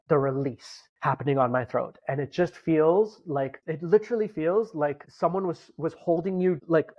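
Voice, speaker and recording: A man telling a personal story in a casual, animated way, acting out his own inner voice. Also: fairly high pitch, dull audio.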